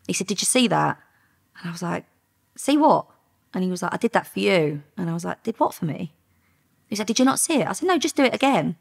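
A former undercover officer from England tells her story in a casual interview. Her voice sits very low, husky and gravelly. She acts out each exchange with lively energy. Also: fast talker. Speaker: former undercover police officer, podcast guest.

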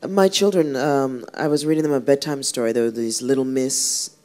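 A woman's voice: a bass voice, normal speed, warm tone. Chatty woman guest telling a rambling story. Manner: chatty, rambling storyteller who restarts often. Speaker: guest singer. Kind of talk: casual interview chat.

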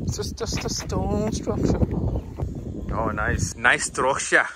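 A man's voice: a little high, very animated, slow, over loud music. A man chatting as a travel vlogger outdoors, telling stories and laughing often. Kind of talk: casual travel vlog chat. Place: outdoors, on the road.

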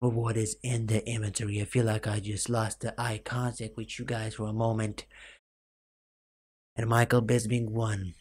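A man's voice: fairly low pitch, little pitch movement, normal speed, darkish tone, slightly rough. A young man giving rambling, self-mocking commentary over a game late at night, full of fillers, his voice cracking now and then. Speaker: gaming YouTuber.

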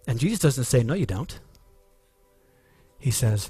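A man's voice: medium pitch, big pitch swings, moderate pace, pauses often, dark tone, slightly rough, dry recording, faint music behind. A man preaching a sermon as pastor, earnest and emphatic, with frequent restarts.

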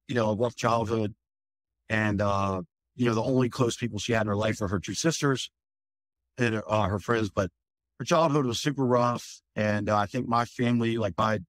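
In an interview with no echo, a male firefighter with a lowish voice rambles candidly through a personal story, his speech full of fillers and swear words.

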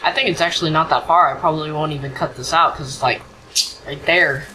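Speaking fast in a mid-range voice with a sharp tone and fairly even intonation, a gamer offers goofy, casual let's-play commentary, cracking jokes at the game and humming nonsense tunes. The recording is rough, with slight background noise.

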